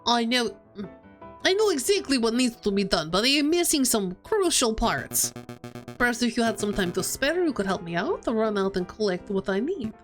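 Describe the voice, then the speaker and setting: Woman putting on a scatterbrained bird inventor guy, fake east european accent, fussy and lively. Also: a little high, normal speed, soft background music.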